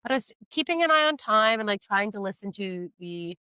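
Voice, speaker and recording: A woman's voice: medium pitch, animated, brisk, bright, forceful tone, clear, resonant tone, dry recording. A woman comedian, a podcast guest, telling a story in a casual chat, self-mocking and acting out what people said.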